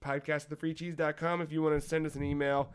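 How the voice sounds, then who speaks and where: Slightly high-voiced guy hosting a podcast, jokey, laughs a lot, chill chat. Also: level tone, quick pace, clean tone. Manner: joking, laughs often, wraps up the show. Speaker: podcast host.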